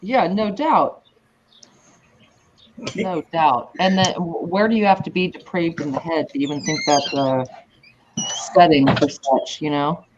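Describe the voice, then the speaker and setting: A man's voice: on the high side, unhurried, pauses often, background noise. A man hosting a casual stream chat, reacting with short, laid-back remarks and drawled questions. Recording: dull lo-fi sound.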